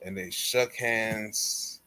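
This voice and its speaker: Animated, bright-voiced man recapping wrestling. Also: lowish voice, drawn-out words. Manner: animated storytelling with slang. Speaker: podcast co-host. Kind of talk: casual wrestling recap chat.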